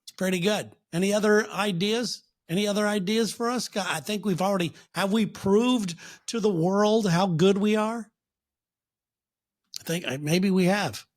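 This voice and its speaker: A man's voice: high voice, moderate pace. A man co-hosting a comedy podcast, joking and boasting in casual chat. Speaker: podcast co-host.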